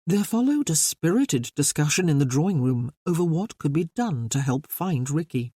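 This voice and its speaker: Expressive romance audiobook narrator. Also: mid-range voice, normal speed, husky, dry recording, studio quality. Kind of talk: scripted narration of a romance novel.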